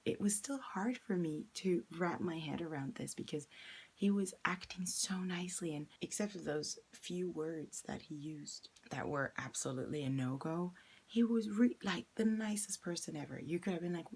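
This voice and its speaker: Low husky young woman telling a story. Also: moderate pace, darkish tone. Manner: candid, reflective retelling with quoted dialogue. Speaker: vlogger. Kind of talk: personal storytime vlog.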